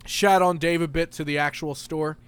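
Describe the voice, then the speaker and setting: A young man co-hosting a podcast in casual chat, animated, laughing often and swearing casually. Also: on the high side, moderate pace, clean tone. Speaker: podcast co-host.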